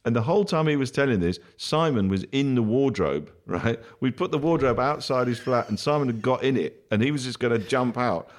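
A comedian guest telling an anecdote in a rambling way, full of fillers and restarts, laughing along. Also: male voice, medium pitch, animated, fairly quick, few pauses. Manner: laughs through his own story. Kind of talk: anecdotal storytelling.

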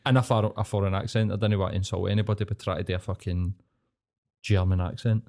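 A man's voice: fairly low pitch, fairly even intonation, a little fast, dark tone. A Scottish man co-hosting a podcast, rambling through stories with lots of swearing. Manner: rambling, swears a lot, laughs often. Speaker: podcast co-host. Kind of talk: crude casual banter.

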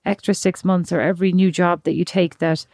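A woman's voice: lowish voice, little pitch movement, brisk, a little mellow, no echo, studio quality. A woman, co-hosting a podcast in a reflective, teasing way with many fillers. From Ireland. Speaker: podcast co-host. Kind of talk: casual chat.

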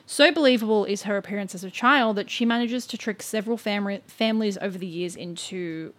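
A woman's voice: mid-range voice, brisk. A woman co-hosting a podcast, telling a story in a casual, chatty way full of "like" and "um" and stumbling over names. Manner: chatty, filler-heavy with frequent "like" and "um".

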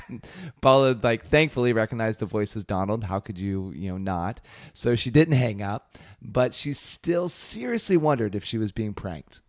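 A man co-hosting a podcast, telling a story in a relaxed, chatty way with fillers. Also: lowish voice, moderate pace, dry recording, clean studio sound. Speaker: podcast co-host. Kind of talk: casual podcast chat.

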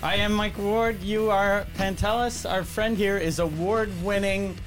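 A man's voice: high voice, steady tone, measured pace, fairly bright tone, faint music behind, rough recording. A man co-hosting a comedy podcast, introducing people with teasing jokes. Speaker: podcast co-host.

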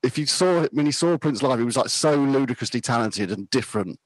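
A man's voice: mid-range voice, lively intonation, fast talker, no room sound, poor audio. A man in his fifties chatting casually about music, rambling and self-deprecating, laughing easily. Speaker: podcast guest.

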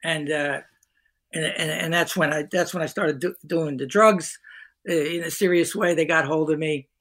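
Bright-voiced man, halting and earnest. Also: a little high, steady tone. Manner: halting, repeats words, earnest. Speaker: guest actor. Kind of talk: candid podcast conversation.

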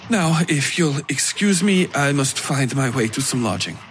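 A man voicing a stiff, proper foreign gentleman traveler who speaks formally and gets flustered easily. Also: mid-range voice, expressive, normal speed, slight background noise, pitched above the performer's own voice, natural voice.

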